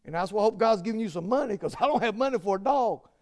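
High-voiced preacher man, halting and earnest. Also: expressive. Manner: halting, lots of fillers and restarts; earnest, rising to emphatic peaks. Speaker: pastor. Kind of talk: sermon with personal stories.

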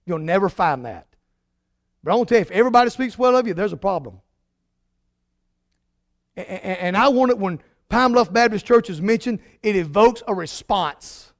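A man preaching a sermon as pastor, emphatic, swinging from loud declarations to hushed lines. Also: sits high, dry recording, studio quality.

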